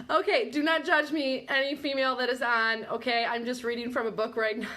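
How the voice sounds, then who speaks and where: High, bright-voiced giggly woman host. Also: a little fast. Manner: giggly, breaks into helpless laughing fits; chatty, quizzing listeners. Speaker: podcast host. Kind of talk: live quiz show chat.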